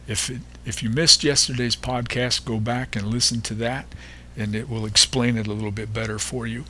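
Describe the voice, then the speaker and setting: A man hosting a devotional podcast, reading and explaining Bible verses in an unhurried way, pausing often and stressing repeated words. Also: medium pitch, fairly even intonation, bright, forceful tone, a little hiss or hum. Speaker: podcast host teaching the Bible.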